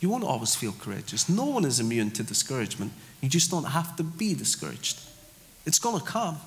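A man's voice: mid-range voice, very animated, brisk, slight background noise. A man preaching a sermon in a church, conversational, acting out little scenes and getting the congregation to repeat phrases. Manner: conversational, with acted-out asides and crowd call-and-response. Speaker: pastor. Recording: echoey church hall.

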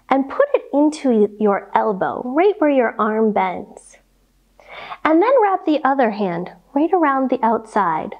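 Animated woman leading kids' yoga story. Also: a little high, muffled recording. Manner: animated, slow, playful sound effects for kids.

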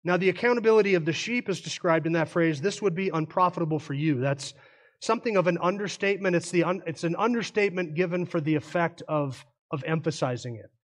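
A man preaches an expository sermon in a fairly high voice. He is earnest and careful, explaining words and correcting himself as he goes. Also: fast. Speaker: pastor.

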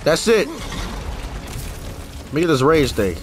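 A man commentating his own gameplay, excitable, cursing and shouting at the game. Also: on the high side, a little slow. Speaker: gameplay streamer. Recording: game music and sound effects behind the voice.

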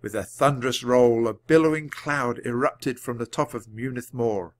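A man reading a children's storybook aloud at a natural, measured pace for learners. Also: mid-range voice. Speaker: audiobook reader. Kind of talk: storybook narration read aloud.

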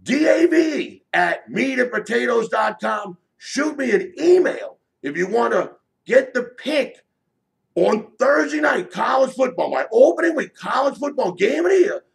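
Gravelly, loud-mouthed betting tout. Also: male voice, very high voice, big pitch swings, unhurried. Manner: brash, shouting, profane, repetitive. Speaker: sports betting handicapper selling picks. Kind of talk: loud promotional sales pitch.

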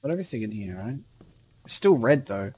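A man's voice: mid-range voice, very animated, brisk, slight background noise. A man giving casual commentary while playing a horror game, swearing often and reading in-game letters aloud. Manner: swears often, laughs and shouts at scares. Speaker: gaming streamer. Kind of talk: casual let's play commentary.

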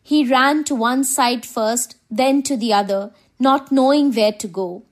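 A woman teacher reads a class textbook story aloud. Her voice sits a little high, and she moves through the text slowly and carefully. She lifts the quoted lines with a bit of expression. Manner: slow, deliberate reading with expressive quoted lines.

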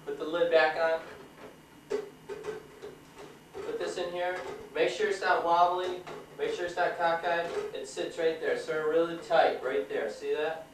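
A man's voice: a little high, fairly even intonation, measured pace, pauses often. Chatty man on an old home camcorder. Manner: chatty, joking, explains each step. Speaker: home video maker. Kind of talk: casual narration to camera. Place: home kitchen. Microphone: built-in mic of a 1994 home camcorder. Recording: roomy, distant, faint hiss.

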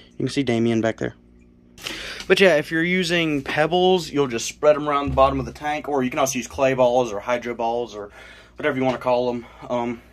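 Slightly winded, a young South Carolina reptile-keeping vlogger walks through a casual home-build tutorial from his cluttered bedroom, with slight background noise. His mid-range voice rambles along, full of fillers and self-corrections.

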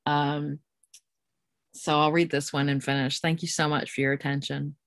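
An American woman poet reading her poems aloud in a measured, deliberate way. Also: deep voice, little pitch movement, no room sound. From United States. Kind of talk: poetry reading.

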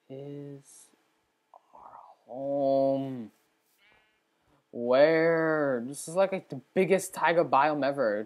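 A woman hosting a gaming channel, giving chatty let's play commentary straight to her viewers, with sudden excitable outbursts. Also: sits low.

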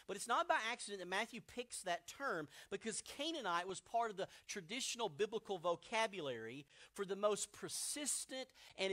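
A man's voice: sits high, fairly bright tone. A man preaching a sermon as pastor, explaining scripture with vivid modern retellings.

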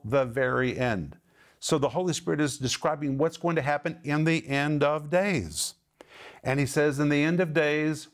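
Emphatic man teaching the Bible. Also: mid-range voice. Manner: emphatic, earnest, stresses words in lists. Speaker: Bible teacher and program host.

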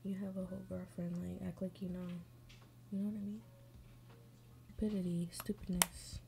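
A woman's voice: fairly low pitch, little pitch movement, moderate pace, vocal fry. A woman hosting an advice show, chatting casually and bluntly with lots of swearing while doing her makeup and reading stories, sometimes mumbling under her breath. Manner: blunt, profane running commentary.

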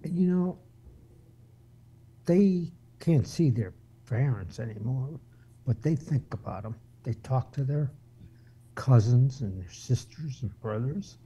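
A man panelist talking quietly in a hushed near-whisper. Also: mid-range voice, animated, slow pace, long pauses, husky, highs cut off. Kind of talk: whispered chat.

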